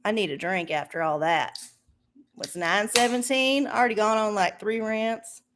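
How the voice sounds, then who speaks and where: A woman's voice: mid-range voice, moderate pace, a bit bright, a little hiss or hum. A woman hosting a casual livestream, ranting and swearing with a sarcastic edge. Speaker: livestream host.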